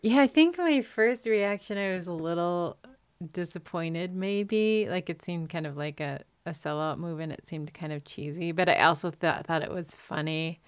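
Chatty woman with a lowish, dry voice. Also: moderate pace, clear, resonant tone, no room sound. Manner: chatty, thinks aloud with frequent fillers. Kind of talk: casual chat about pop culture.

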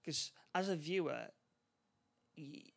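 A man chats loosely as a co-host, tripping over his words and jumping into the characters' lines. His voice is rough and gravelly and sits a little high. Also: lively intonation, a bit bright. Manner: halting, many restarts, acts out lines. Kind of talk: casual chat recapping a film plot.

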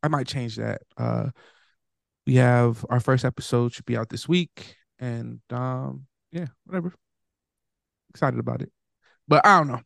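A man's voice: medium pitch, unhurried, vocal fry, long pauses, a bit bright, no room sound, clean studio sound. A man co-hosting a podcast in casual chat, hesitant, with lots of ums and trailing-off thoughts. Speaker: podcast co-host.

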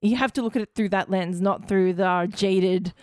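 A woman's voice: mid-range voice, normal speed, a little mellow, no room sound, clean studio sound. A woman, a guest on a casual podcast, telling stories and giving her views in a chatty way. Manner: storytelling, chatty. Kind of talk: casual chat.

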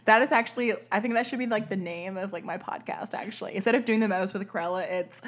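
Husky-voiced woman chatting casually. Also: medium pitch, fast. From Arkansas, US. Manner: swears freely and laughs often. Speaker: podcast host. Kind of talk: casual chat.

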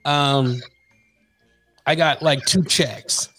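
A man on a morning talk show, chatting casually and peppering his stories with profanity. His voice sits a bit high for a man. He rambles and restarts, and gets worked up as he talks. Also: extremely slow, soft background music. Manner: profane, animated storyteller. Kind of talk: casual chat.

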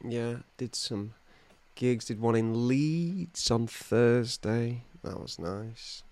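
A man co-hosting a podcast, telling stories in casual chat with wry, deadpan jokes. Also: medium pitch, slow pace, hardly any pauses. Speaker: podcast co-host.

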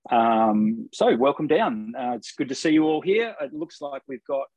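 A man's voice: mid-range voice, normal speed, no room sound, lo-fi sound. Chatty man co-hosting. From Australia. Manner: relaxed, chatty, frequent ums. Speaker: podcast co-host. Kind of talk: casual live-stream chat. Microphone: video call.

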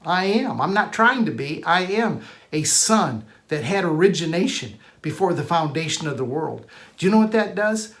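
Male preacher-teacher, somewhat high pitch, insistent repetitive sermon delivery. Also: very animated, moderate pace, a bit bright. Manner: emphatic, repetitive, rising to stress key words.

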